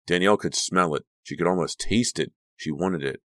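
A man narrating an audiobook with a dramatic, expressive reading. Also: deep voice, normal speed, no echo, studio quality.

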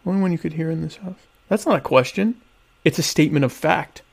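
A man's voice: fairly high pitch, brisk, gravelly, husky. A man hosting his own livestream show, chatting casually and sarcastically with his viewers in rambling, self-mocking asides.

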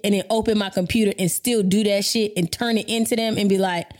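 Animated, profane woman telling a story. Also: quick pace, hardly any pauses. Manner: animated, profane, laughs often, jumps into high voices for quotes. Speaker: podcast host and business owner. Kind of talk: casual storytelling monologue.

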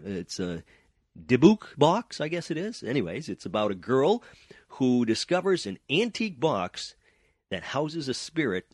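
A man's voice: mid-range voice, big pitch swings, moderate pace, no room sound. A man hosting an entertainment show while stuffed up with a cold, chatting along with many uhs. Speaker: host.

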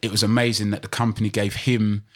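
A man's voice: lowish voice, fast talker. A man in his fifties from East London with a London accent, telling stories as a guest in a casual conversation. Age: 50s. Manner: storytelling, animated, frequent restarts. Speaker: guest DJ and presenter.

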